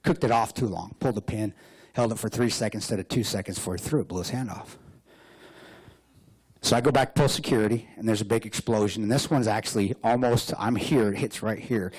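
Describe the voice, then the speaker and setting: A man giving a lively storytelling speech as a guest speaker, joking and laughing often. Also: fairly low pitch, a little fast, slightly rough. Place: hotel banquet room.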